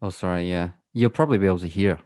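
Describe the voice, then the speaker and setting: A young man co-hosting a podcast over a video call, joking, apologetic and halting in his speech. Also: deep voice, darkish tone, dry recording, studio quality. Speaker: podcast co-host. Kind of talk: casual chat.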